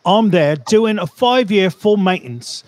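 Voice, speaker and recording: A man putting on a Cockney accent to read out a tradesman's story in a slow, drawling way. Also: high voice, expressive, darkish tone, slight background noise. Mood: storytelling. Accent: put-on Cockney. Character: gruff Cockney tradesman telling a job story.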